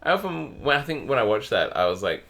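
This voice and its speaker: A man's voice: medium pitch, very animated, fast, gravelly, a bit bright. A man co-hosting a podcast, chatting casually and telling anecdotes with frequent laughter. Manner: chatty storyteller, laughs often. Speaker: podcast co-host. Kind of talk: casual chat.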